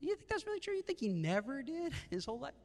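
A man's voice: very high voice, quick pace. A man preaching a sermon, asking the room questions and acting out the lines of the people in the story. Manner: animated, rhetorical questions, acts out the brothers' lines. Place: church sanctuary. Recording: reverberant church hall.

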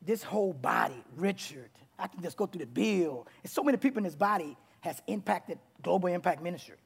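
A man preaching his testimony to a congregation in a church, with a rough, abrupt delivery that bursts into loud, excited passages. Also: high voice, a little fast. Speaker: guest preacher. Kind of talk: testimony sermon. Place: church sanctuary before a congregation.

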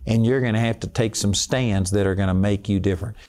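A man's voice: fairly low pitch, steady tone, fairly quick, a little mellow. A man preaching a sermon in an earnest, emphatic way.

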